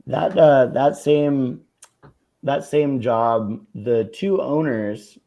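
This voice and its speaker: A man's voice: mid-range voice, drawn-out words, gravelly, warm tone. Easygoing man rambling through a story. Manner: loose and hesitant, many fillers, teasing. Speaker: podcast co-host. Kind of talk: casual storytelling chat.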